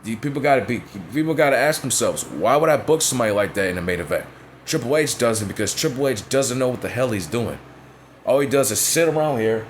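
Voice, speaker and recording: Man, casual rant, blunt and profane, mid-pitched voice, faint hiss behind. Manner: blunt, profane, repeats "you know what I'm saying". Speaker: wrestling commentator vlogger.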